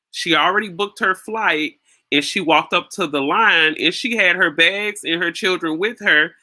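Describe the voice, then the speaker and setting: A woman's voice: low voice, bright, forceful tone. A woman hosting her own channel, giving casual spoken commentary on a video clip and often repeating words as she thinks aloud.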